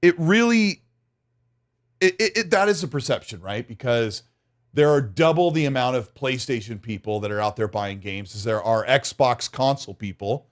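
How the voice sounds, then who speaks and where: A man co-hosting a gaming podcast in casual chat, lively, with stammering restarts and quick laughs. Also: medium pitch. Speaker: podcast co-host.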